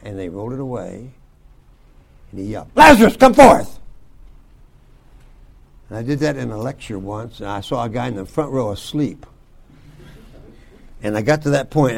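An older man teaching a youth Bible school class, folksy and joking, with loud bursts for emphasis. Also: medium pitch, creaky. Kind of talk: folksy devotional talk to youth.

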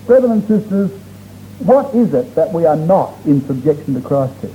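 A man's fairly high, sing-song voice carries a sermon at a moderate pace. Earnest and emphatic, he draws out key words to stress them before his congregation. The audio is dull, lo-fi and faintly noisy.

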